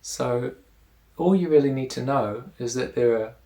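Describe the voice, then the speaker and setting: A man teaching an explanatory lesson, explaining step by step in a patient, measured way. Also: medium pitch, dark tone.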